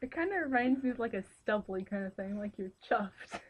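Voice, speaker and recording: A woman's voice: medium pitch, animated, brisk, slightly rough. A young woman chatting casually, a bit shy and giggly as she tells a story. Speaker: vlogger's cousin. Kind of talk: casual chat. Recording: dull lo-fi webcam audio.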